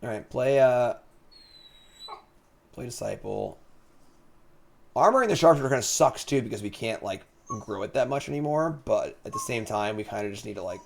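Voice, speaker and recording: Gravelly man narrating his card game. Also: mid-range voice, moderate pace, pauses often, a little hiss or hum. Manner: thinks aloud, relaxed and chatty. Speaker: streamer. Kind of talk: casual game commentary.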